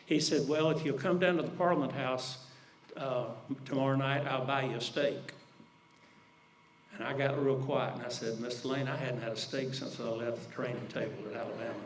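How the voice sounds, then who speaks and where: A man's voice: fairly even intonation, moderate pace, slight background noise. Folksy older man telling stories. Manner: folksy, drops low to quote others. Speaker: speaker at an alumni event. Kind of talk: storytelling speech.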